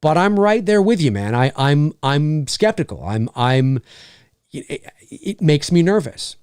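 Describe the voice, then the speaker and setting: A man's voice: a little high, unhurried, clean tone, no room sound. A middle-aged man, a voice actor, chatting casually with viewers in a livestream Q&A. He rambles and restarts often, and speaks into a studio microphone in a home recording studio. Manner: animated, rambling with frequent restarts.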